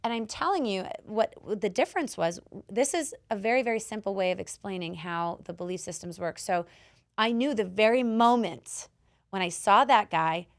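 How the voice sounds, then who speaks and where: Animated, swearing woman podcast host. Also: medium pitch, moderate pace. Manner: animated storyteller who swears and acts out quotes loudly. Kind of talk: casual chat, coaching advice.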